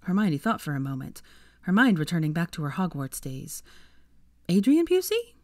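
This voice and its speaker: A woman narrating a fan fiction story in an expressive, measured reading. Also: low voice, dry recording, studio quality. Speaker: fanfiction reader.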